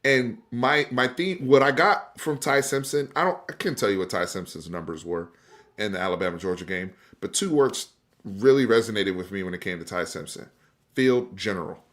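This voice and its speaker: A man's voice: on the low side, normal speed, a bit bright. Guy hosting a sports live stream, emphatic, chatty, keeps restarting his words. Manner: emphatic and conversational, addresses viewers directly; repeats and restarts words when fired up. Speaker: sports talk show host.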